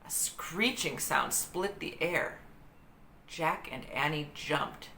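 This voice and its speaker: A woman reading a children's book aloud in an expressive, dramatic storytelling manner. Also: sits low, slow pace, vocal fry. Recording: roomy echo with faint hiss.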